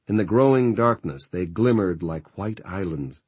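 A man narrating an audiobook in a measured, even storytelling manner. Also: low voice, husky, no room sound. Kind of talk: scripted narration.

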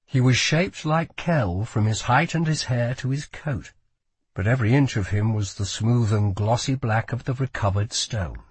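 A man narrating a fantasy audiobook with slow, expressive storytelling. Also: mid-range voice, husky, no echo. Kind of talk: scripted narration.

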